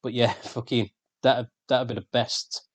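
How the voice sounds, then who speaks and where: A man's voice: mid-range voice, fairly even intonation, measured pace, husky. A man with a Birmingham accent co-hosting a podcast in casual, sweary banter. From England. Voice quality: sweary, laid-back banter. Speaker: podcast co-host. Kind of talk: casual chat.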